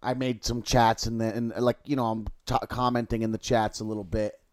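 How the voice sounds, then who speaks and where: A man with a lowish voice rambles through a crude anecdote on a livestream, starting and stopping, looping back and cursing freely. The sound is dry and close, with no room around it. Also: level tone, no room sound. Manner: rambling and halting, crude profanity. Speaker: livestream host. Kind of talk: casual rambling storytelling.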